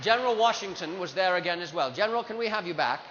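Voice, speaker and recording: A man's voice: high voice, animated, fast talker, fairly bright tone, a faint crowd, a little hiss or hum. An actor playing a proud, self-assured founding-era statesman, insistent and grand, in a live historical re-enactment for students. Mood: explaining. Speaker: costumed performer at an educational show. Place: large hall with a live audience. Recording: dull, echoey hall.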